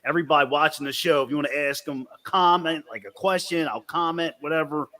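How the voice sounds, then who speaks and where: A man hosting a wrestling interview show, chatting casually and excitedly hyping up his guest. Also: on the high side, fast. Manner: enthusiastic, repeats words, hypes the guest.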